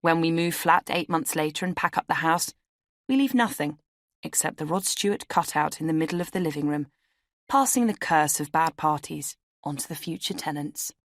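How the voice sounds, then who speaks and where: A woman's voice: low voice, moderate pace, dry recording, clean studio sound. A woman reading her own memoir as an audiobook, telling it in a wry, conversational way. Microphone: studio microphone.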